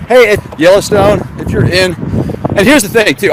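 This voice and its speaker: A man talks casually while driving, sarcastic and rambling, tossing questions out to his live chat. His voice sits high for a man. Road and wind noise run loudly under everything. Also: moderate pace. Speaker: live-stream host. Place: in a car on the road. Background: car and wind noise.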